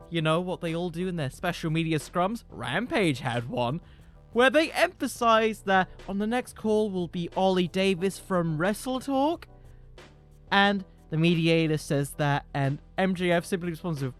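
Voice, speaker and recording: A man hosting a podcast, spinning comedic stories in a rambling, jokey voice that swings up and down freely. Faint music sits quietly behind him. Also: sits high. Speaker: podcast host.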